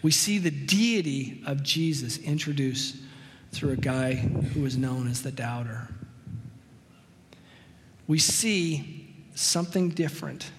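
A man preaching a sermon in a conversational way, telling stories and slowing down for emphasis. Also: mid-range voice, in a large hall, slight background noise. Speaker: pastor.

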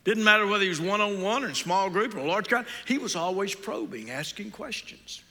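A middle-aged man preaching a sermon in a large church, his voice bright and cutting with a touch of height to it. He talks in a folksy way, tosses in jokes and keeps asking his listeners questions. A long reverb trails behind every phrase. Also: high-pitched, animated, a little fast. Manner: folksy, joking asides, asks the audience questions. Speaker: guest preacher.

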